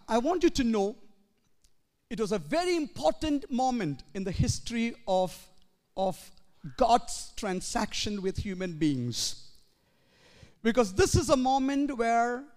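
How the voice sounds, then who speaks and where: A male pastor preaches in a strikingly high voice, taking his time over each phrase. His earnest delivery climbs now and then into shouts. The sound carries a long reverb from a church hall. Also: expressive, takes it slowly, pauses often. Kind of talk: sermon.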